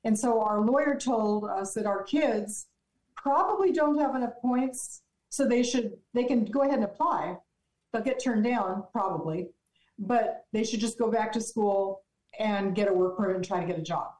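A woman's voice: medium pitch, normal speed, a little mellow, reverberant, poor audio. A woman guest telling a long story in a casual radio chat, rambling with restarts. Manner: chatty storyteller, restarts and fillers.

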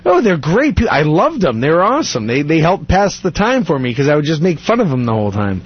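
A man's voice: fairly high pitch, wildly swooping pitch, fast talker, husky, dry recording, lo-fi sound. A man telling stories in a casual chat, rambling and laughing often. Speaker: guest.

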